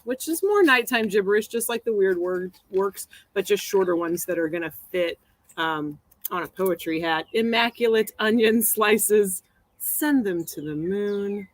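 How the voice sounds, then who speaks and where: A woman's voice: fairly low pitch, a bit bright, no echo, low-quality recording. Chatty, rambling woman poet. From Missouri. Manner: rambling, chatty, laughs often. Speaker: poet hosting a live stream. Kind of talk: casual live-stream chat with poetry reading.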